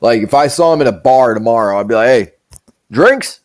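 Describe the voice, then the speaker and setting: Dude hosting a podcast, swears a lot, rambles thru stories, mid pitch. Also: male voice, expressive, a little fast. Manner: profane, rambling storyteller. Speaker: show host. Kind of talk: casual podcast chat.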